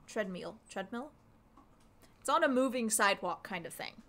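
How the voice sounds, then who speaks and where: A woman's voice: medium pitch, lively intonation, moderate pace, pushed and bright. A woman co-hosting a gaming video, telling a rambling story at home with lots of laughs and filler words. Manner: chatty storyteller, laughs often, trails off with ums. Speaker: co-host playing a video game. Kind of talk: casual gameplay chat.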